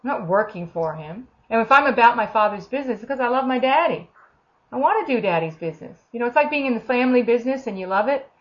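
A woman's voice: fairly high pitch, animated, fast, muffled recording. A woman giving an informal, earnest sermon, talking conversationally and acting out the voices of the people she quotes. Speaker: preacher.

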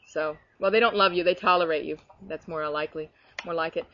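A woman's voice: on the low side, fairly even intonation, brisk, fairly bright tone, a little hiss or hum. A middle-aged woman from Australia, talking earnestly about faith in a casual chat and telling personal stories with many restarts. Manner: earnest, storytelling, frequent restarts. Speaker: Christian speaker. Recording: dull lo-fi recording.

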